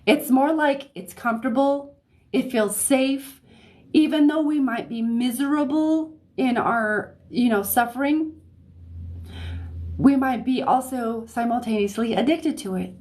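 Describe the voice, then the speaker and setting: A woman giving a live-streamed tarot reading, talking in a chatty, easygoing way, often checking in with "okay?" and laughing softly between phrases. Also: high voice, unhurried. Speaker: psychic reader. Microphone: phone or desk mic on livestream.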